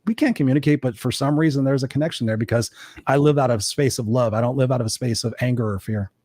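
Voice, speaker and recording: A man, an executive coach, talking candidly as an interview guest, a blunt and animated storyteller who swears freely. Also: mid-range voice, quick pace, no echo, clean studio sound.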